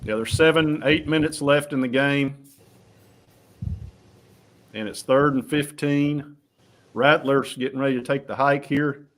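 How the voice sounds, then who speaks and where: A man hosting a casual live sports talk stream, talking in a relaxed, rambling way with frequent restarts. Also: mid-range voice, unhurried, pauses often. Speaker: host.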